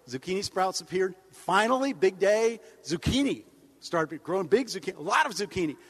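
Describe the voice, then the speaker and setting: Male humorist, high voice, deadpan and wry, speaking in a long-reverb hall. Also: moderate pace, husky. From United States. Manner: deadpan, wry, rambling asides with mock-outraged jumps in pitch. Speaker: humorist giving a speech. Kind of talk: stand-up style speech to an audience.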